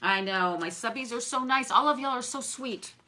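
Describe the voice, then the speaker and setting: Gushing woman with a bright voice. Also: a little high, normal speed. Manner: gushing, chatty, effusive. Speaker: craft and decor vlogger. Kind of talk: casual chat unboxing viewer gifts.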